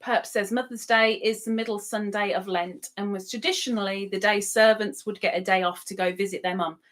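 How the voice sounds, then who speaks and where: A woman's voice: mid-range voice, fairly even intonation, a little fast, a bit bright. A woman hosting a casual live stream, chatting and reading out viewer comments with frequent laughs. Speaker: livestream host. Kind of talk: casual live-chat talk.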